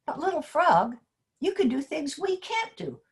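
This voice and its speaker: A kind male giraffe from a picture book, gentle and reassuring, as a woman reads him aloud. The speech moves up and down in pitch. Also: big pitch swings, unhurried, exaggerated voice.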